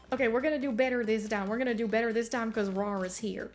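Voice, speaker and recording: A woman's voice: a little high, steady tone, fast talker, faint music behind. Giggly slangy woman streamer. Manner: bubbly, giggly, slangy chatter with chat. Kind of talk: casual stream chat while gaming.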